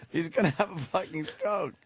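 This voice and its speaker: A man's voice: high-pitched, a bit bright, slight background noise. A man co-hosting a radio talk show, laughing a lot and drawing out his words. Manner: laughs a lot, slow drawn-out delivery.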